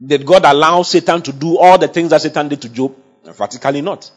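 A man's voice: fairly high pitch, fairly even intonation, quick pace. A man preaching a sermon, emphatic and often checking that his congregation follows. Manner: emphatic, asks the congregation for assent. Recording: dull lo-fi sound.

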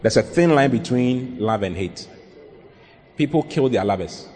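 A man's voice: medium pitch, lively intonation, a little slow, mellow. A male pastor giving earnest, emphatic counsel during a sermon Q&A, often repeating his points. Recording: long reverb in a large hall.

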